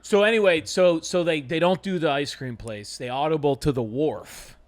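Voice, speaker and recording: Young adult male co-host, higher-pitched, rambling anecdotal storyteller. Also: normal speed. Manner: rambling anecdotal, swears casually, acts out quotes. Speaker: podcast co-host. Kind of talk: casual storytelling chat.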